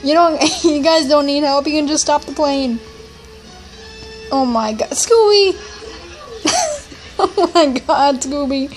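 Giggly high-voiced woman reacting to cartoons. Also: slow pace, long pauses, soft background music. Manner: giggly, laughs often, excitable exclamations. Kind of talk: casual reaction commentary.

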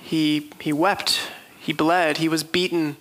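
A man's voice: on the high side, little pitch movement, takes it slowly, a bit bright, low-quality recording. A man preaching a sermon, telling the story earnestly and vividly.

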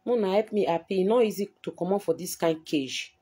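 A woman's voice: on the low side, brisk, dark tone, breathy edge. A woman with a Nigerian Pidgin English accent talking on a live stream, aggrieved and defensive as she replies to viewers. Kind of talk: emotional live-stream talk.

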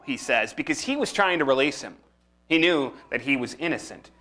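Animated male preacher. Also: on the high side, a little fast. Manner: animated preaching, acts out quoted voices. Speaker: pastor. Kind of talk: sermon.

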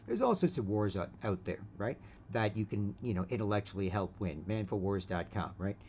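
A man's voice: fairly low pitch, lively intonation, fairly quick, darkish tone, muffled recording, slight background noise. A man giving a casual opinion monologue, rambling with many restarts and constantly tagging his sentences with "right?". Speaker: vlogger.

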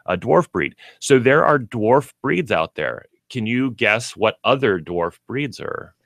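A man co-hosting a casual pet radio show, reading aloud haltingly and stumbling over hard words. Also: mid-range voice, animated, gravelly, a bit bright, no echo, clean studio sound. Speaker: co-host, pet store representative.

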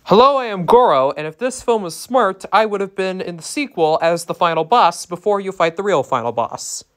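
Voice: medium pitch, expressive, normal speed, voice pushed up, lightly acted. Goro, a reviewer doing a boastful giant monster. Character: huge four-armed male monster, boastful.

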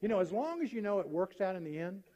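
High-voiced storytelling preacher, reverberant church. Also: male voice, quick pace, lo-fi sound. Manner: animated storyteller acting out jokes. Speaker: pastor. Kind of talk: sermon with humorous stories. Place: church sanctuary.

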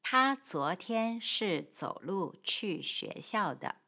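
A woman teaching Mandarin grammar, explaining patiently and clearly with model sentences. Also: mid-range voice, lively intonation, slow, sharp tone. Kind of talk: grammar lesson.

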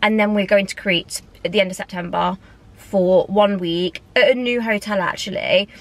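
A woman's voice: medium pitch, fairly even intonation, normal speed. A young woman from England chatting candidly to camera as a vlogger, with lots of fillers and asides. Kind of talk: casual chat to camera.

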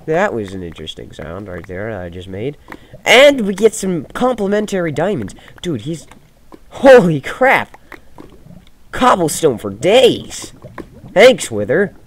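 A man talks over his gameplay in an unhurried, drawn-out way, but his pitch leaps around as he goes. He moves from loud, excited shouts down to quiet mumbled asides. There is a clear hiss of noise behind him on the recording. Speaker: gaming video host. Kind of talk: casual let's-play commentary. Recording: noisy home gaming recording.

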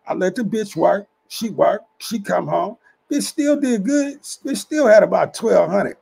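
A man with a fairly high, gravelly voice tells a street story in a loose, casual way. His talk is husky and rough-edged, heavy with profanity. He keeps checking in with the listener, asking if they follow. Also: measured pace, darkish tone. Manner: profane, streetwise, keeps asking "you know what I'm saying". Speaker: channel host telling street stories.

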